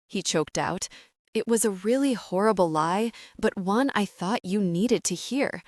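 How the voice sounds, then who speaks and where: A woman's voice: medium pitch, measured pace, darkish tone, dry recording, studio quality. A woman narrating a romance audiobook in the first person, reading in an emotional, tearful way. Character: hurt, furious young woman demanding answers.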